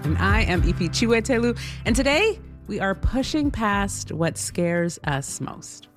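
A woman co-hosts a radio program. Her pitch moves a lot as she speaks, giving her delivery an upbeat, expressive lift. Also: measured pace, faint music behind. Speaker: radio show co-host. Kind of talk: radio presenting.

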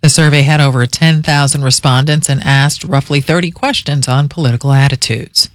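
A man anchoring a radio newscast with a steady, measured delivery. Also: mid-range voice, no echo, studio quality. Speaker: news anchor. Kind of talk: radio news reading.

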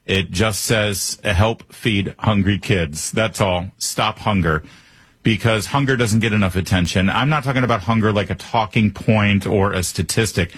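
A man's voice: fairly low pitch, moderate pace, fairly bright tone, husky. A man hosting a political talk show, delivering a monologue with sarcastic asides.

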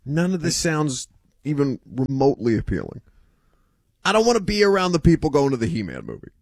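A grumpy man in his thirties cohosting sports radio, brushing off ideas in a mid-pitched voice. His delivery is dry and close to the mic, with no room sound. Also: huge pitch swings, a little fast, breathy edge, no echo. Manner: grumpy, dismissive. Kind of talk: casual radio banter. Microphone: studio mic.

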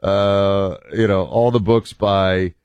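A man's voice: low-pitched, fairly even intonation, slow pace, darkish tone, no echo, muffled recording. A man hosting a show in a casual monologue, rambling with frequent restarts and fillers. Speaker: podcast host and author.

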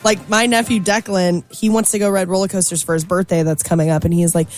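A woman co-hosting a casual chat, lively and quick to quote her relatives with sassy emphasis. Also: on the low side, faint music behind.

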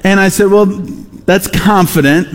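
A man's voice: high voice, unhurried, long reverb tail. A man preaching a sermon as pastor, talking conversationally with rhetorical questions and repeated phrases. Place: church sanctuary.

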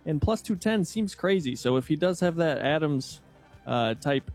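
A man's voice: a little high, expressive, moderate pace, a little mellow, faint music behind. A man who works as a video producer, giving his betting pick in a candid, explanatory way. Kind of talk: casual sports betting talk.

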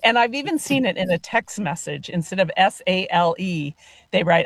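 A woman host with a fairly low voice tells amused anecdotes in casual chat. The recording is close and dry, with no room sound. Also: lively intonation, moderate pace, dry recording.

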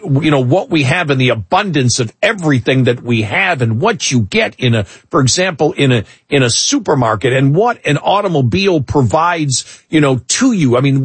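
A man's voice: a little high, fairly bright tone, husky, no echo. A middle-aged man co-hosting a talk radio show, chatting casually with many restarts and an exasperated edge.

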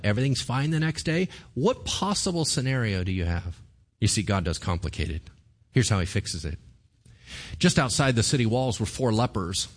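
A man preaching a sermon, telling a Bible story with lively asides and questions to the congregation. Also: mid-range voice. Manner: animated storytelling with asides to the audience. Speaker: pastor.

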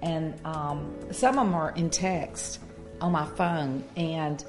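Woman co-host, earnest and halting, slightly low voice, light music underneath. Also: steady tone. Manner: earnest, with frequent fillers and restarts. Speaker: co-host of a Christian marriage talk. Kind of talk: casual faith-based chat.

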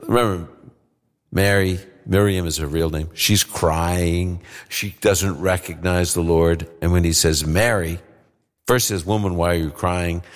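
A man's voice: deep voice, long reverb tail. A man teaching the Bible on a call-in radio show, explaining and acting out scenes with animation. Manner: explanatory, animated when retelling scripture scenes. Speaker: radio Bible teacher answering listener questions. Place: live event before an audience.

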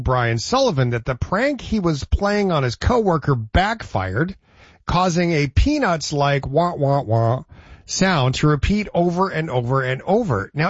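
A male radio host in casual, playful banter, chatty and quick to laugh. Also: on the high side, big pitch swings, breathy edge, no room sound, highs cut off.

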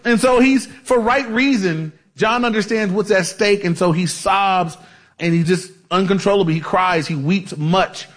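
A man's voice: high-pitched, a little slow. A man preaching a conversational Bible-teaching sermon, casual and chatty, with frequent asides and restarts. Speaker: pastor.

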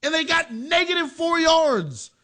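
A man's voice: extremely high pitch, very animated, unhurried, pushed and bright. A man hosting a sports talk show, giving heated, emphatic commentary with casual slang. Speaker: sports radio host.

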